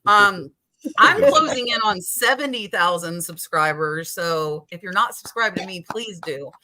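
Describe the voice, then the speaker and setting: A woman in her forties hosting a live chat show, talking in an animated way and acting out her own thoughts. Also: on the low side, measured pace, noisy background. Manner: animated, quotes her own inner talk. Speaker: podcast host. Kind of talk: casual live-stream chat.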